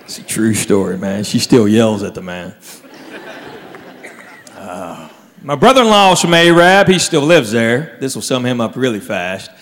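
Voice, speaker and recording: A man doing a stand-up set, telling stories with animated impressions. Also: mid-range voice, moderate pace, in a large hall, slight background noise. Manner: Southern storytelling, animated impressions. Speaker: stand-up comedian.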